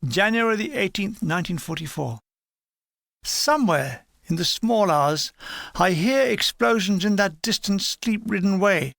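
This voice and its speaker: Gravelly older man reading wry memoir. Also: high voice, lively intonation, a little slow, fairly bright tone, no room sound. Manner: dry, wry, matter-of-fact storytelling. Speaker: author reading his own memoir.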